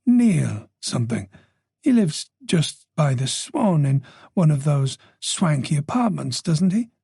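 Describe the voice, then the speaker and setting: A man's voice: on the high side, big pitch swings, vocal fry, warm tone, husky, no echo, clean studio sound, exaggerated voice. A man voicing a chatty, observant older woman with a faint Dublin accent, teasing and talking on in an audiobook. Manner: gossipy, teasing, talks on quickly.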